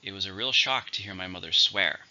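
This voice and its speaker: Guy teaching english words, low-ish bright voice, kinda muffled lo-fi audio. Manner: explains slowly, asks and answers own questions. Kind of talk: vocabulary lesson.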